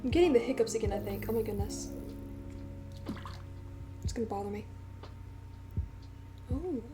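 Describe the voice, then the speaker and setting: A woman streaming live, chatting to her viewers in a loose, rambling way with plenty of fillers. Her voice sits a little high. Music plays clearly underneath her talk. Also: lively intonation, normal speed. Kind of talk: casual live-stream chat.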